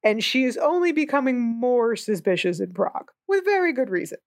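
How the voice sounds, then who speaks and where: Woman co-host, a bit high, wry and sarcastic, dry close sound. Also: big pitch swings, brisk, no room sound. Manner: wry, sarcastic, laughs often. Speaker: podcast co-host. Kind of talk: casual movie discussion.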